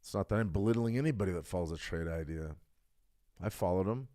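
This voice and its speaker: Middle-aged man, very low voice, dry close mic; blunt streamer who gets loud and emphatic. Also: fast talker, no echo. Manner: blunt, emphatic, builds to excited outbursts. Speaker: trading stream host. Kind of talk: casual livestream talk.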